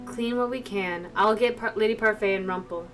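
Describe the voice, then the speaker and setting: A woman reading the lines of a kindly young male companion in a soft, coaxing way, from a distant mic with faint music behind. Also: medium pitch, normal speed, lightly acted. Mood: gently coaxing.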